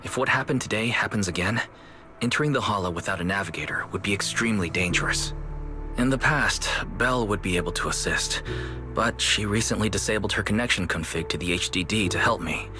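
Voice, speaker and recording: An actor voicing a calm, earnest young male proxy in a video game, speaking in a measured way with a dry sense of humor. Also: on the low side, natural voice. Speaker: game character. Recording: game audio with music behind.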